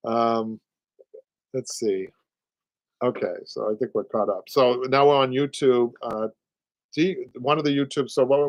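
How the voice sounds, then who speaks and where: A chatty Boston-accented man in his sixties hosts a live upholstery stream. His voice sits at an ordinary pitch and is recorded close and dry. He restarts his sentences and laughs easily. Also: darkish tone, no echo, rough recording. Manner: chatty, halting, laughs often. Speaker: upholstery show host. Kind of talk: live-stream talk and teaching.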